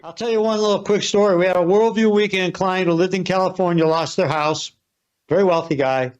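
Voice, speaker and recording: A man's voice: sits high, fairly even intonation, brisk, smooth. A man telling a chatty anecdote as a testimonial in an advertisement. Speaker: business owner in an ad. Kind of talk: ad testimonial story. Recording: dull lo-fi audio.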